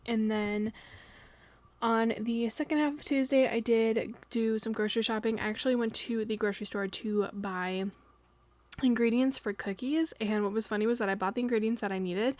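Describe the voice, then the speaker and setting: A woman's voice: on the high side, fairly even intonation, moderate pace, a little mellow, dry recording. Giggly young woman rambling chattily. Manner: rambling, giggly, lots of fillers. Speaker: planner vlogger. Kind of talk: casual chatty voice-over.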